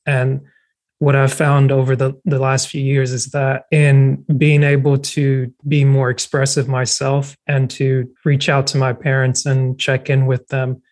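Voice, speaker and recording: A man in a casual conversation, talking reflectively and haltingly with many restarts. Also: medium pitch, monotone, darkish tone.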